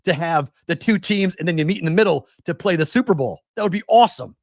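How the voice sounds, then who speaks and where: Fast-talking and animated, this high-voiced man in his forties hosts a West Coast sports betting show. He rants with exasperated rhetorical questions, recorded in clean studio sound without echo.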